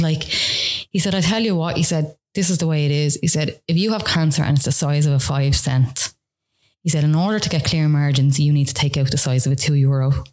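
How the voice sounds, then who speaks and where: A woman's voice: sits low, steady tone, brisk, a little mellow. An Irish woman, a podcast guest, telling a personal story in casual conversation, full of "like" and retold dialogue. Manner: rambling, frequent "like" fillers, retells dialogue.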